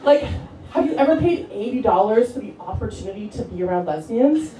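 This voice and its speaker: A woman's voice: mid-range voice, brisk, background noise. Chatty stand-up comedian woman, roomy and distant. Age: 30s. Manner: chatty, filler-heavy storytelling with deadpan punchlines. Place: comedy club stage. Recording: roomy club sound from a distance, loud crowd laughter. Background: audience laughing.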